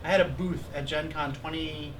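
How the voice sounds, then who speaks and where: A man in his thirties hosting a live stream, talking casually and ranting with animated sarcasm. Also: fairly high pitch, moderate pace. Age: 30s. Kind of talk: casual chat. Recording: distant mic with faint noise.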